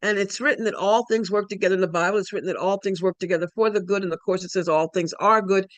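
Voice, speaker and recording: A woman's voice: mid-range voice, steady tone, quick pace, no room sound. A woman giving a spiritual talk, emphatic and repetitive, often restarting her sentences. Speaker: spiritual speaker.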